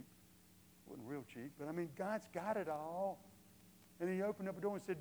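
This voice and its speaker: An older male pastor preaching a sermon in a conversational way, moving from quiet asides to emphatic questions. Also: high voice, moderate pace, pauses often, slight background noise, poor audio.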